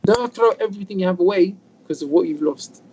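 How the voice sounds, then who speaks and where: A man's voice: high-pitched, fast, breathy edge, poor audio. A man, a rabbi, giving an informal Torah lesson over a video call, telling stories and acting out the dialogue, with Hebrew terms mixed in. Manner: animated storyteller, acts out quoted dialogue, mixes in Hebrew terms.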